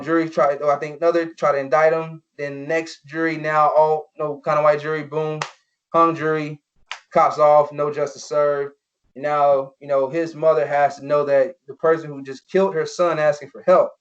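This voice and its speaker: An earnest young man recounting personal stories as a podcast guest. His voice sits a bit high, and he leans on "you know" fillers as he goes. The recording is dull and lo-fi. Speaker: podcast guest, former pro football player. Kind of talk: personal storytelling in an interview.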